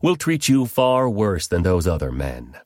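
A man voices a hostile, threatening mob in a scripture reading. The low voice lifts and hardens. The sound is close and dry. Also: huge pitch swings, measured pace, a little mellow, no echo, full character voice.

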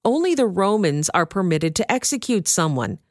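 A woman voicing an angry group of male religious leaders in a scripture reading, shouting insistently. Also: on the low side, very animated, normal speed, dry recording, clean studio sound.

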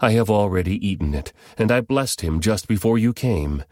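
A man reading the part of an old blind father giving a solemn blessing, measured and grave. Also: lowish voice, expressive, a little mellow, no room sound, studio quality, voice pushed up, lightly acted.

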